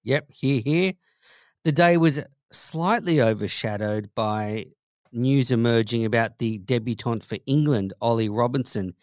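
A man hosting a daily cricket podcast, presenting the news in a clear, steady delivery. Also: medium pitch, unhurried, dry recording, studio quality. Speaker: host.

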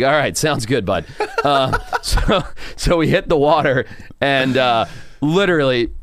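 A man spinning an animated, casual story on a podcast, cursing freely and laughing along. His voice sits in the middle of his range. It comes through a close mic in a dry, dead room. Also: mid-range voice, no room sound. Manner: animated, swears, laughs often. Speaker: podcast guest, wildlife TV presenter.

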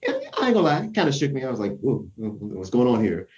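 A man casually telling a tense personal story, acting out his own quotes with lively shifts. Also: mid-range voice, fast, recorded from a distance.

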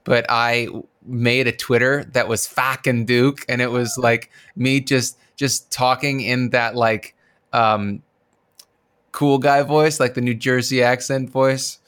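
A man's voice: medium pitch, steady tone, takes it slowly, a bit bright, clean tone. A man co-hosting a podcast in casual chat, blunt and swearing often. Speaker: podcast co-host.

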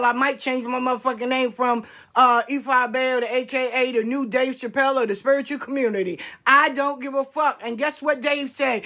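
Heated and confrontational, a spiritual practitioner swears her way through a live stream. Her delivery veers from shouts to quiet, cutting asides.

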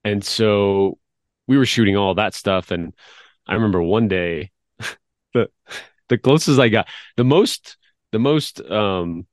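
Brief: deep-voiced man in his fifties, easygoing guest who rambles through stories, dry recording. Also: slow pace, pauses often, no echo. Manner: rambling storyteller, laughs often. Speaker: guest, media producer. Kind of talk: casual interview chat.

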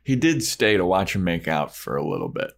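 A man's voice: deep voice, huge pitch swings, gravelly. A man co-hosting a podcast, casually retelling scenes and swearing freely. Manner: retells scenes putting on quick character voices, swears casually. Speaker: podcast co-host. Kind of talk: casual recap chat with acted quotes.

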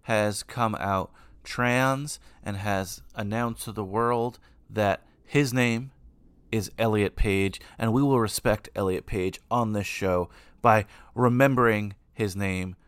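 A man's voice: fairly low pitch, slow, smooth, no room sound. A man hosting a podcast, chatting in an upbeat, rambling way with many asides. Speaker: podcast host. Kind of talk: casual podcast chat.

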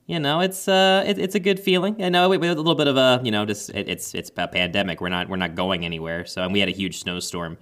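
A man's voice: fairly low pitch, quick pace, few pauses, fairly bright tone. A man in his thirties co-hosting a gaming podcast in casual chat, friendly and rambling. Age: 30s. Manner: friendly, rambling, many fillers and restarts. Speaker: podcast co-host.

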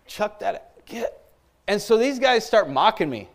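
A middle-aged man preaching a sermon as a pastor, animated, with asides and calls for an amen. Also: high-pitched, normal speed. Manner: animated preaching with asides and call-outs for amens.

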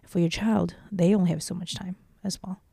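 Gravelly low-voiced woman, earnest. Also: fairly even intonation, brisk, dark tone, no echo, studio quality. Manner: earnest, repeats and restarts phrases. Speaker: startup CEO, interview guest. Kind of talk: casual interview answers.

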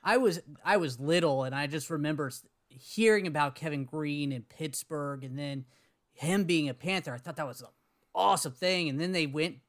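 Dude co-hosting a sports pod, chatty, a bit hesitant. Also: male voice, fairly high pitch, moderate pace. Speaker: podcast co-host. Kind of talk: casual sports podcast chat.

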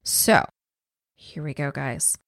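A woman's voice: rumbling low, lively intonation, slow pace, creaky, fairly bright tone, no room sound, clean studio sound. A woman co-hosting a podcast, telling a true-crime story in a casual, profane, chatty way and laughing easily. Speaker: podcast co-host.

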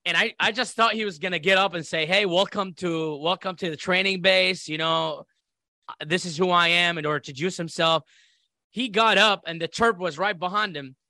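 A man's voice: high voice, fairly quick, dry recording, clean studio sound. A man from Iraq, a podcast guest, telling a story in casual conversation and acting out the voices of others. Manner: animated, acts out quoted voices. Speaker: interview guest.

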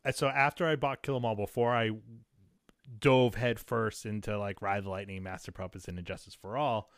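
A man's voice: fairly low pitch, steady tone, moderate pace, no room sound, clean studio sound. A man in his forties hosting a casual chat, rambling with lots of fillers and restarts.

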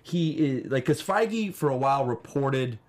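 A man's voice: mid-range voice, animated, unhurried, darkish tone. A man co-hosting a casual podcast, rambling through his points with frequent restarts. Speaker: podcast co-host. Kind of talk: casual chat.

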